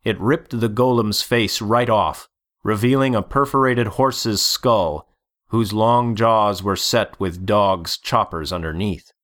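Guy reading an audiobook real slow, lowish voice, steady. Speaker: audiobook narrator. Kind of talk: scripted narration.

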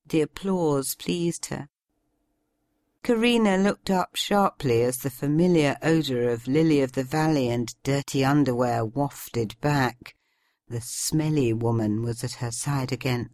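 Woman narrator, deep voice, expressive, slow, dry close recording, audiobook reading. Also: no echo. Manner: measured, expressive storytelling. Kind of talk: scripted narration.

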